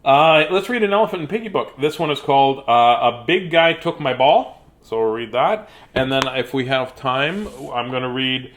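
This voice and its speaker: A man hosting a casual livestream, chatting playfully and warmly before reading picture books aloud. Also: mid-range voice, expressive, moderate pace.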